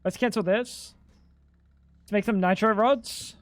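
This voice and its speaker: A high-voiced man chatting casually while he streams a game. He explains bluntly, often sounds exasperated and swears freely. His voice sits close and dry, with no room sound at all. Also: steady tone, unhurried, dry recording. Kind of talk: casual livestream chat while gaming.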